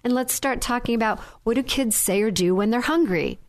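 A woman's voice: fairly high pitch, fairly quick, no echo. A woman on a faith talk show, telling stories with animation and acting out childlike voices. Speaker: guest speaker.

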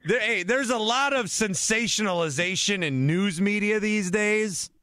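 A man hosting a call-in sports radio show, animated and quick to jump in on callers. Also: high voice, no room sound, studio quality. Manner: animated, talks over callers.

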